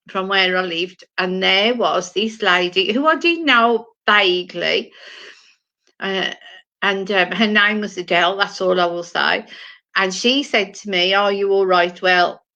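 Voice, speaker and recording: A British woman in her sixties, a spiritual medium, telling her personal story slowly and emotionally, often repeating words. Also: mid-range voice, creaky, bright, forceful tone. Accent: British English. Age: 60s. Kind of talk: personal testimony talk.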